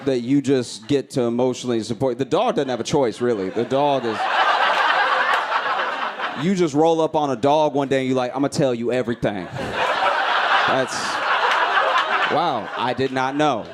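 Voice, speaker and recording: A man's voice: mid-range voice, normal speed, long pauses, heavy background noise. A man performing a stand-up comedy set, telling a story and acting out screams and voices. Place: comedy club stage.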